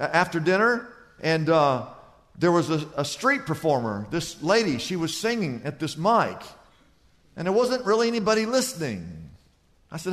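A man preaching a sermon as pastor, telling stories and dropping from loud to hushed. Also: sits high. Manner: storytelling, swings from loud to hushed. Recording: long hall reverb.

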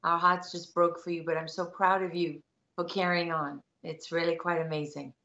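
A woman's voice: lowish voice, little pitch movement, moderate pace, bright, forceful tone. Earnest woman journalist, muffled sound. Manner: earnest and insistent, building her case step by step. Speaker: guest journalist. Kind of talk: interview answers.

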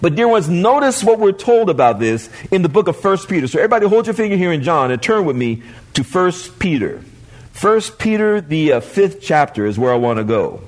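A male pastor preaching a sermon to his congregation in church, animated, often repeating and restarting words. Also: high-pitched, fairly quick.

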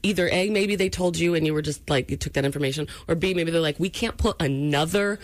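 A man's voice: a little high, quick pace, dry recording. A man hosting a talk show, bantering playfully and telling jokey stories. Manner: playful, joking storyteller. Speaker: radio show host.

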